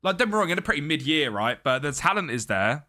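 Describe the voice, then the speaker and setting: A man's voice: fairly high pitch, quick pace. Chatty young man streaming. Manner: chatty, greets chat by name, excitable. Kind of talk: casual live-stream chat.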